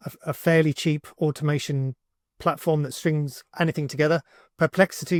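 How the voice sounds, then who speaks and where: Relaxed man walking through a tutorial. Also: fairly high pitch, dry recording, clean studio sound. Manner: casual, relaxed, thinks aloud with fillers while typing. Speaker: tutorial host, agency owner. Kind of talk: screen-recorded software tutorial.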